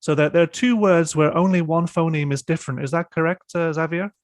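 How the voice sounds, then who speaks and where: A man with a fairly high voice hosts a webinar, clarifying terms for the audience. He checks details with confirming questions. The recording is dry and close. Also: fairly even intonation, a little fast, no echo. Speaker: host. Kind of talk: webinar moderation.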